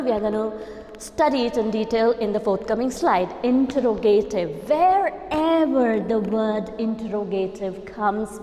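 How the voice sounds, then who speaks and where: A woman's voice: fairly high pitch, darkish tone. Indian woman lecturing in an echoey hall. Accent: Indian English. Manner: explanatory, repeats key terms, asks "okay?". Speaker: English lecturer. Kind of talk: grammar lecture.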